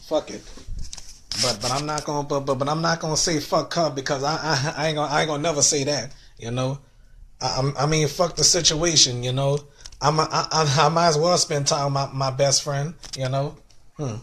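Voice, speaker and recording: Speaking at normal speed in a steady, higher-than-average voice, a man delivers a rambling monologue on a livestream. He is upset and nearly crying, stumbling and repeating himself as he closes phrases with a quiet, fading "you know?".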